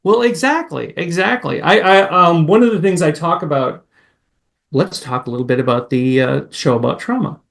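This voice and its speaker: Man, podcast guest from Massachusetts, casual chat, animated asides. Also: a little high, normal speed, creaky. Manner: animated, jumps between memories with excited asides.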